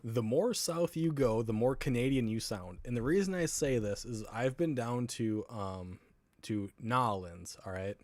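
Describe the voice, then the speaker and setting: A man from the US South hosts a casual livestream, wandering from topic to topic as he answers viewer comments and laughs a lot. His voice is mid-range and somewhat dark, his pace measured, with no echo.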